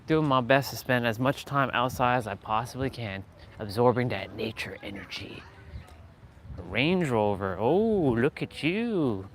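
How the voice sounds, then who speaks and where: A man talks his way through a walk around the neighborhood, rambling and swearing in an easy, offhand way. He sounds loose and unhurried, like he is thinking out loud. Faint traffic and street noise sit behind him outdoors. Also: mid-range voice, expressive. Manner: laid-back, profane, rambling self-talk. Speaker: vlogger. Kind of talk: casual vlog while walking outdoors.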